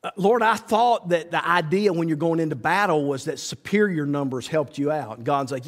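A man's voice: fairly high pitch, fairly quick, hardly any pauses. A male preacher, giving a folksy sermon and acting out conversations with God. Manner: folksy, acts out dialogue with God in lively voices. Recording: reverberant hall.

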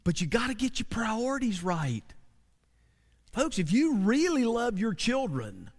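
A man preaching a sermon, animated and full of call-and-response asides to the congregation. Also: very high-pitched, unhurried. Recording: long hall reverb.

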